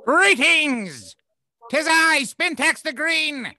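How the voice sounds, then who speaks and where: A man's voice: very high voice, lively intonation, very slow, bright, forceful tone, no room sound, full character voice. A man voicing a grandiose, pompous wizard who proclaims his titles in an archaic manner. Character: grandiose old male wizard, pompous and theatrical.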